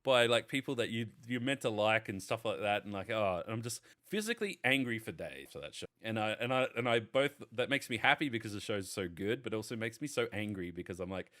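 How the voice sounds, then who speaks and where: A man's voice: lowish voice, lively intonation, fairly quick, pushed and bright. A man, chatting casually on a podcast and rambling enthusiastically, with lots of swearing. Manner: profane, rambling enthusiastic storyteller. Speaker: podcast panelist. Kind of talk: casual chat.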